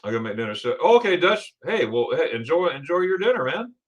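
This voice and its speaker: A middle-aged man from Florida runs a relaxed livestream, reading out viewer comments and greeting each person by name. His voice swings up and down with plenty of animation, and he laughs easily between his friendly remarks. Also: fairly high pitch, brisk. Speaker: livestream host. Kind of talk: casual live chat reading viewer comments.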